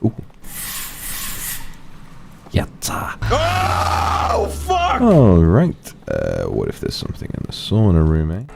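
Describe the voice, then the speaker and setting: A man streams a game with playful, excitable commentary, breaking into squeals and animal calls. His voice leaps across a huge range, rough and gravelly underneath, and he takes his time between remarks. A faint background hum sits under the audio. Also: on the low side, slow pace, long pauses. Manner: playful, chatty asides to viewers. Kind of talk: gaming livestream commentary.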